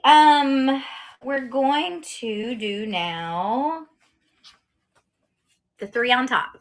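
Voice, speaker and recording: A woman talks through her items in a casual live-selling stream. Her voice is bright and crisp and sits a touch high. She speaks slowly and chattily, with frequent fillers. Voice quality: chatty and cheerful, many ums, laughs often. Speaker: online auction seller.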